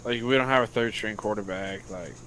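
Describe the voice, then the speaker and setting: A man's voice: lowish voice, a little fast, background noise. An American man, a podcast co-host and youth football coach, telling a story loosely and profanely in casual chat.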